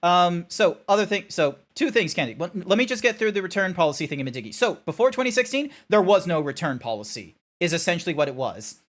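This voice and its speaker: A man streaming live, chatting casually with viewers in a rambling, sidetracking way, swearing and filling pauses with nonsense sounds. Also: high voice, animated, a bit bright. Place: Australia.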